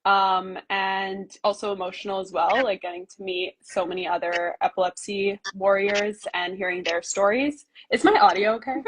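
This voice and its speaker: A woman in her twenties from Canada, answering interview questions over a video call. Her speech is earnest and halting, full of ums and likes. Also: mid-range voice, fairly even intonation. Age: 20s. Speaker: documentary filmmaker and guest.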